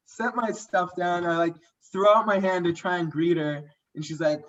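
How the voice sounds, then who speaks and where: A man's voice: high voice, moderate pace, few pauses, a bit bright, far from the mic. A young man, a podcast guest, telling a personal story in a casual, rambling way, full of "like" and restarts. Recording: dull lo-fi audio.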